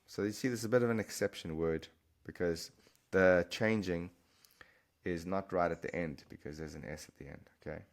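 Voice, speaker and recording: A Spanish teacher with a deep voice explains vocabulary to the camera at a normal speed. He's chatty and encouraging, often repeating himself and restarting as he goes.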